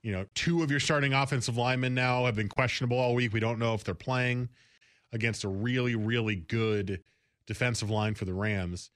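A man hosting a sports talk radio show, talking football in a quick, casual, conversational way. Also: mid-range voice, steady tone, fairly bright tone, no echo, clean studio sound. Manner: conversational, quick, self-correcting.

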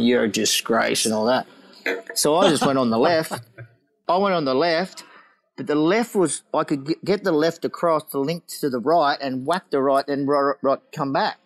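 A middle-aged man with an ordinary-pitched voice recounts a boozy surfing tale. He laughs often and slips into quoted voices as he goes, in a loose, casual storytelling way. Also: low-quality recording. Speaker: guest, former pro surfer. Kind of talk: casual anecdote telling.

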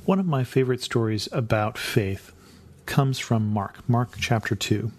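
A man's voice: medium pitch, lively intonation, unhurried, a little mellow. A man teaching from the Bible on a podcast, reading passages aloud and then explaining them with dry humor.

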